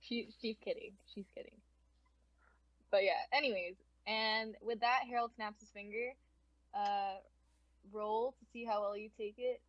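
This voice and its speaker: A woman's voice: medium pitch, steady tone, a little slow, dry recording, highs cut off. A young woman narrating a tabletop game as game master, casual and giggly, with lots of fillers.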